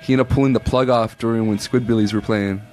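A man's voice: mid-range voice, fairly even intonation, fast talker, darkish tone, faint music behind. A young man, a new show promoter, talking hesitantly with many fillers in casual chat. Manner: hesitant, lots of ums and laughs.

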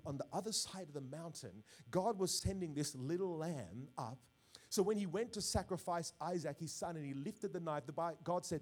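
A man preaching a sermon as pastor, swinging from quiet reflection to loud, emphatic bursts. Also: a little high. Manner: preaching with rising bursts of volume and call-outs.

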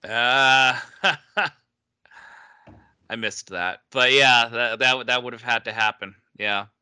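A man's voice: medium pitch, slow pace, bright, forceful tone, smooth, no room sound, studio quality. A man co-hosting a casual chat, chatty and enthusiastic, laughing often. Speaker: podcast co-host.

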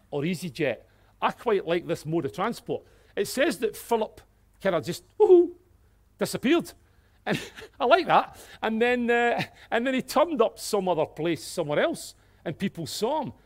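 A man preaching a sermon, swinging from hushed, earnest passages to loud exclamations, with light-hearted asides. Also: high-pitched, very animated, moderate pace. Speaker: pastor.

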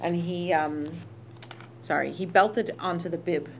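A woman's voice: fairly low pitch, steady tone, a little slow, creaky, slight background noise. A woman teaching a text study in a chatty way, reading verses aloud and translating them with asides. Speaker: Torah teacher.

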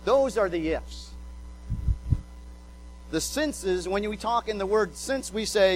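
High-voiced man preaching a sermon. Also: lively intonation, a little slow, a little hiss or hum, poor audio. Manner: emphatic, repeats words, acts out quotes. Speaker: pastor.

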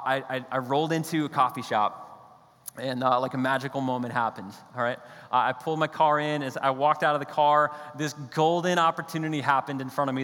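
A man's voice: a little high, a bit bright. A man preaching a sermon as pastor, in a conversational, storytelling manner with playful asides. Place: church hall. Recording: church hall with long reverb.

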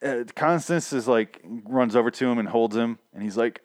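A man's voice: mid-range voice, normal speed, no room sound, clean studio sound. A man casually recapping a TV episode, rambling and profane, laughing at his own asides.

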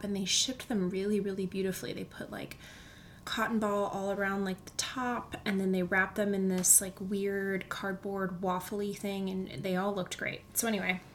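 A woman hosting a casual solo podcast from a comfy chair at home, chatty and excitable, often dropping to a near whisper. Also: mid-range voice, a little hiss or hum. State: recovering from illness, walking with a limp. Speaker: podcast host. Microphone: studio microphone.

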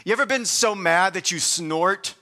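Bright-voiced man preaching conversationally. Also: sits high, normal speed. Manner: conversational preaching with frequent restarts and rising emphasis. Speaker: pastor. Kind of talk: sermon.

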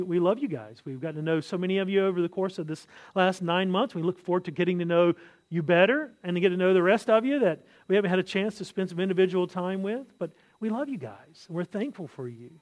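A married man preaching a sermon as pastor, earnest, repeating key phrases and often restarting his sentences. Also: sits high. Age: adult, married.

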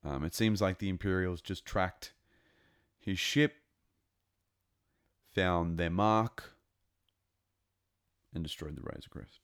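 Man, deep low voice, casual show review, rambling, excitable. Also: slow, long pauses, clean tone.

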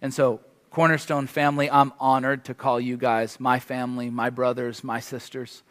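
A man's voice: mid-range voice, little pitch movement, moderate pace, a bit bright, long reverb tail. A man preaching as a guest, delivering an impassioned sermon that builds to emphatic peaks and closing in prayer. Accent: foreign to the congregation, from across the ocean. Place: church hall.

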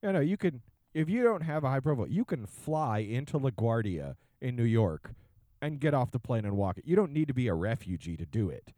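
A man's voice: medium pitch, sing-song, fairly quick, dark tone, no echo. A man co-hosting a podcast, ranting casually and slipping into mock voices. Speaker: podcast co-host. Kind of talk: casual chat.

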